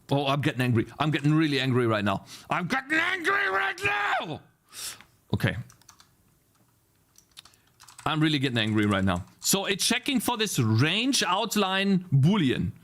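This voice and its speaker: Give me a young male game dev streamer talking to chat as he codes, with a very animated, wide-ranging voice. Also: a little high, normal speed. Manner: talks to chat while debugging, swings from frustrated outbursts to delighted; swears and mutters repeated phrases to himself. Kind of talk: live coding stream chat.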